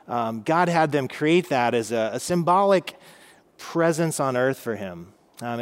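A man in his thirties teaching a casual Bible lesson, chatty and humorous with many fillers. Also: mid-range voice.

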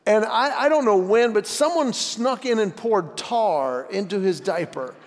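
A man in his forties, a stand-up comedian telling family stories as a guest speaker, acting out dialogue with lively voice shifts. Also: sits high, measured pace. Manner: animated, acts out dialogue with voice shifts. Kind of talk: stand-up storytelling. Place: church auditorium. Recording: long hall reverb.

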